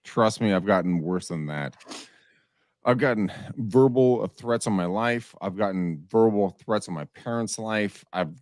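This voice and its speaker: A man co-hosting a real estate podcast, brash and animated, laughing often. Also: on the low side, a little slow, dry recording, studio quality. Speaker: podcast co-host, cold caller. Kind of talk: casual chat.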